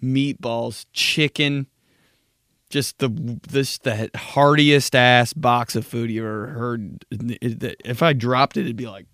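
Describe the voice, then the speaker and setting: Crude, animated young man on a podcast. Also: mid-range voice, slow. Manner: crude, animated, swears a lot. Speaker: podcast host. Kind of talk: casual solo podcast rant.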